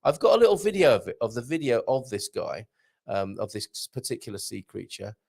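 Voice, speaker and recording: A man's voice: medium pitch, very animated, brisk, gravelly, darkish tone. A man hosting a casual live morning show, reading out viewer comments and chatting with a jokey manner. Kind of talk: casual live-stream chat.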